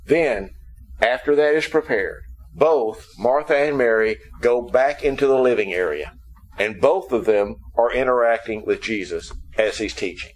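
A man's voice: mid-range voice, poor audio. A man preaching in an ordinary mid-range voice. He tells the story with humor and stops often to explain the scripture to his listeners. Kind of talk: sermon.

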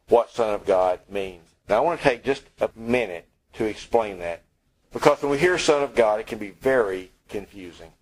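A man's voice: medium pitch, rough recording. A man preaching a sermon in a conversational, wry way, acting out the lines he quotes.

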